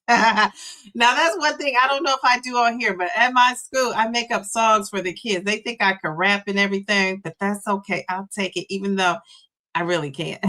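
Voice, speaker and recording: Live-stream host, woman in her fifties, chatty and bubbly, bright tone. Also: medium pitch, normal speed. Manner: bubbly, chatty, gives shout-outs. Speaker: livestream host and weight-loss coach. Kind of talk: casual live-stream chat reading comments.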